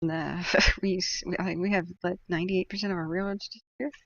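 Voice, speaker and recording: Gravelly low-voiced woman streamer. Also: steady tone, brisk, dry recording, lo-fi sound. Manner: opinionated, chatty, laughs often. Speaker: livestream host reading chat. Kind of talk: casual livestream chat.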